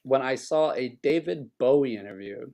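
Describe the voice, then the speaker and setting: A man's voice: medium pitch, moderate pace, creaky. A man co-hosting a movie podcast, chatting casually and rambling through stories, dropping into silly accents now and then. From United States. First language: Spanish, grew up bilingual. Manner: rambling, animated storyteller who breaks into silly accents. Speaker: podcast co-host. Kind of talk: casual chat.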